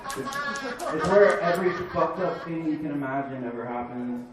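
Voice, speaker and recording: A man from Florida doing a stand-up comedy set in a dive bar, with a halting, rambling delivery full of fillers. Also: a little high, heavy reverb, far from the mic, a loud crowd, poor audio. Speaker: stand-up comic.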